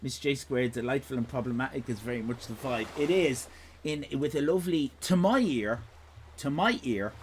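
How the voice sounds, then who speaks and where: A man's voice: mid-range voice, lively intonation, normal speed, a little hiss or hum. An Irish man hosting a live stream in casual chat, rambling from one tangent to the next with jokes and swearing. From Ireland. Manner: rambling, digressive, sweary, jokey.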